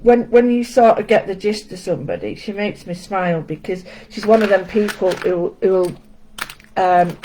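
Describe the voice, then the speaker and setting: A woman's voice: mid-range voice, moderate pace, mellow, poor audio. A woman hosting a casual live-stream art lesson, chatting, greeting viewers by name and making self-deprecating asides. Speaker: art session host. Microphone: home setup with camera.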